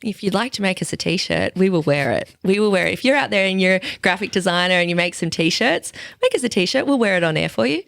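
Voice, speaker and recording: An Australian woman co-hosts a podcast, chatting casually and laughing, with some casual swearing. Her medium-pitched voice is expressive, a bit bright and creaky, and she speaks quickly with few pauses, recorded with no echo.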